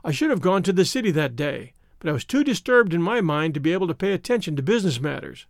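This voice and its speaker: A man narrating a story in the first person with an expressive, theatrical delivery. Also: fairly high pitch, fast talker, creaky, no echo, studio quality. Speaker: audiobook narrator.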